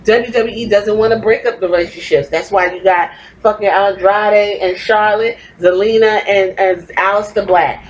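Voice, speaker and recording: A woman's voice: medium pitch, steady tone, normal speed, few pauses, rough recording. Blunt, profane woman ranting. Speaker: podcast host. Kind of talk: opinionated podcast rant.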